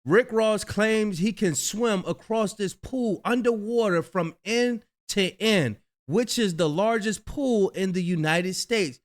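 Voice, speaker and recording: A man with a voice pitched a little high runs casual commentary on clips. He talks loosely and chattily, drifts off mid-sentence and laughs easily. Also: lively intonation, normal speed. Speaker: commentary host.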